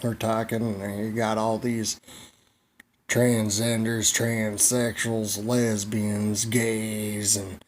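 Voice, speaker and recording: A man's voice: fairly low pitch, little pitch movement, takes it slowly, slight background noise. A man vlogging a crude comedic monologue, rambling, swearing freely and laughing at his own jokes.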